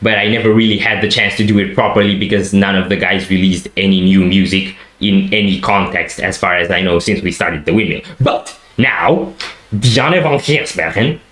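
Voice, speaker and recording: A man's voice: deep voice, little pitch movement, brisk, few pauses, fairly bright tone, echoey room. A man co-hosting a music reaction show, chatting casually and gushing like a fan with frequent restarts. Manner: enthusiastic fanboy rambling with restarts.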